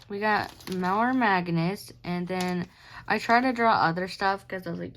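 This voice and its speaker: A young adult woman chats casually about her sketchbook, her medium-pitched voice a little slow with a faint hiss or hum behind it. She rambles, giggles, and pokes fun at herself, sounding sleepy and yawning as she shows off her art.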